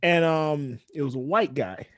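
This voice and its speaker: A man co-hosting a casual podcast, telling a story in a rambling way with many pauses. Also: on the high side, a bit bright, no room sound, studio quality. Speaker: podcast co-host.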